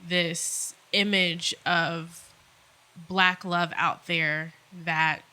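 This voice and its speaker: A woman's voice: lowish voice, little pitch movement, drawn-out words, bright, forceful tone, clear, resonant tone. A woman co-hosting a podcast, talking candidly and loosely in casual chat, swearing freely. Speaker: podcast co-host.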